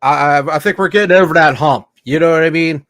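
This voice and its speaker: A laid-back man co-hosting a sports podcast, with a fairly high voice. He hesitates and restarts often and keeps tossing in "man" and "dude." He sounds easygoing. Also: fast talker, a bit bright, dry recording, clean studio sound. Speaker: podcast co-host. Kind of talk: casual sports talk.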